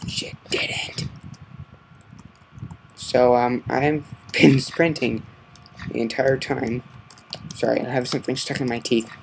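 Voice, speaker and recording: A man's voice: mid-range voice, steady tone, a little slow, vocal fry, a little hiss or hum, rough recording. Man muttering over gameplay. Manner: muttering curses under his breath, then loud outbursts. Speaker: gamer narrating his gameplay. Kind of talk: casual Let's Play commentary.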